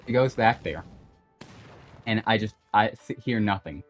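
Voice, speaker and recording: A young adult man with a fairly low voice tells a rambling story at a measured pace in a casual group voice chat, peppering it with "like" and "you know." He's a guest on a gaming stream, and music plays faintly behind him.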